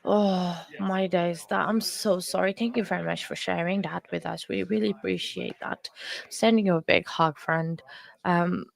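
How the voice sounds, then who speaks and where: A woman hosting a live stream, chatting with viewers in an earnest, emotional way, halting with many fillers and restarts. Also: fairly low pitch, fairly even intonation, gravelly. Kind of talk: casual chat with live viewers about a court case.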